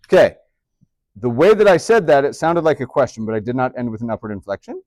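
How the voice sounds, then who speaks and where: A man teaching a high school math class, chatty and upbeat, with joking asides to his students. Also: expressive, fast talker, a little mellow, no echo, clean studio sound. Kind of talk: classroom lecture.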